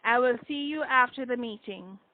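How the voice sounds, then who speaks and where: A woman voicing a gentle, earnest man back from another world, speaking calmly and formally. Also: on the high side, normal speed, dry recording, lightly acted. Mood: tender. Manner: calm, formal speech. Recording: tinny phone-like dry sound.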